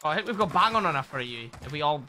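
A man streaming a shooter game in casual chat, excitable, swearing and laughing with his squad. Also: a little high, rapid-fire, noisy background. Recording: game gunfire behind voice.

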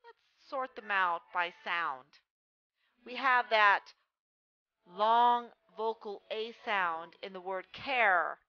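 A woman teaching a phonics lesson, reading words slowly and stressing each one for young readers. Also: medium pitch, clean tone, no room sound. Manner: slow, careful, stresses each word. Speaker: reading tutor. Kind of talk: phonics lesson read aloud. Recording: dull lo-fi sound with faint music.

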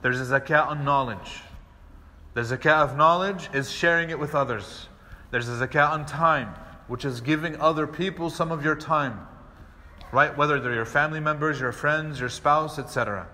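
An imam with a slightly high voice teaches a lecture class in a large mosque hall at a moderate pace. He tells stories in an animated way, acting out little dialogues as he goes.

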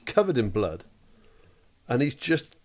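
A man's voice: mid-range voice, big pitch swings, a little slow, darkish tone. A middle-aged man co-hosting a podcast, blunt and sweary, telling stories with laughing asides. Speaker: podcast co-host. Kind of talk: casual chat.

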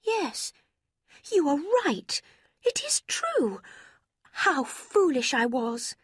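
A woman voicing an emotional, remorseful young woman with a high, slow, heartfelt delivery. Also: big pitch swings, dry recording, studio quality, exaggerated voice. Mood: earnest, remorseful.

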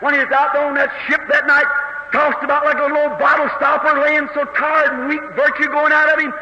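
A man preaching an impassioned revival sermon that builds to shouts, on an old 1950s tape in an echoey hall. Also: very high-pitched, level tone, fairly quick, highs cut off. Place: large church hall.

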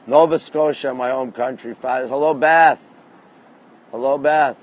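A man's voice: medium pitch, fairly even intonation, unhurried. Chatty man live-streaming from a rooftop. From Canada. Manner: chatty, greets viewers by name, upbeat. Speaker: livestream host. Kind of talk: live-stream chat reading viewer comments. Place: rooftop deck outdoors at night. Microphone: phone held in hand.

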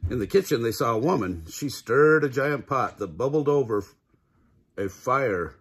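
An older man with a husky, medium-pitched voice reads a children's picture book aloud at a moderate pace, sounding expressive and chuckling often between lines. He's a grandfather reading to kids.

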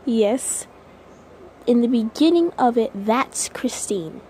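A woman's voice: on the high side, animated, slow pace, warm tone, slight background noise, rough recording. Nervous, rambling woman near tears. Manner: nervous and rambling, with many restarts and sighs. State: close to tears. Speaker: vlogger. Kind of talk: casual talk to viewers.

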